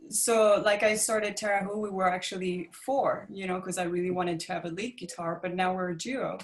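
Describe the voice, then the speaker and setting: A woman's voice: fairly low pitch, steady tone, moderate pace. Laughing woman musician, casual chat. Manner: laughs often, hesitant fillers. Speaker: musician guest.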